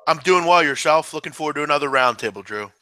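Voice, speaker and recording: A man's voice: on the high side, expressive, fast, bright, forceful tone, smooth. A man talking sports betting on a roundtable, rambling with many fillers. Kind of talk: casual roundtable talk.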